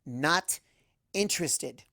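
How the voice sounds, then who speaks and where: A man voicing an excitable young female unicorn scholar in a fanfic audiobook reading, gushing and bouncy. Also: a little high, takes it slowly, no room sound, clean studio sound, exaggerated voice. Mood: stern.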